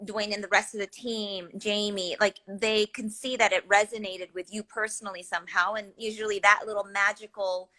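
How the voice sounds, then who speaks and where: A woman asks her castmates questions in a loose, chatty way, often stopping to find her words. Her voice is bright and forward. She is heard over a video call. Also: medium pitch, little pitch movement, moderate pace, hardly any pauses, rough recording. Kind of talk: casual chat.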